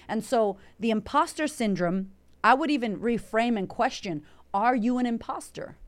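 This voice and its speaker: A woman from Puerto Rico, a confidence coach hosting an Instagram live Q&A, talking in a brash, energetic way full of swearing while she answers viewer comments. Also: mid-range voice. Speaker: confidence coach and podcast host.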